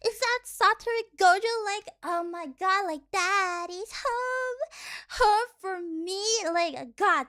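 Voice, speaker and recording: A woman's voice: very high voice, bright, forceful tone, heavily acted. A woman playing an adult TikTok fangirl who gushes breathlessly and swoons over a cartoon heartthrob. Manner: breathless gushing, drawn-out swooning words. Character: squealing adult female TikTok fangirl, boy-crazy.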